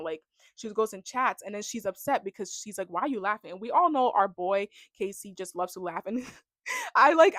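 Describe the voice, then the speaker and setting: A young woman ranting casually about a reality show, full of "like" and animated reactions. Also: medium pitch, no room sound. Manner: chatty, heavy on "like", animated reactions. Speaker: reality TV recap vlogger. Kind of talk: casual rant to camera.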